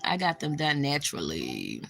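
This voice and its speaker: Her voice is low, with vocal fry and pitch that swoops wildly, delivered at normal speed over slight background noise. A young spiritual vlogger, she chats casually on a livestream and responds to comments from her viewers. She's blunt and swears freely, with sudden loud exclamations.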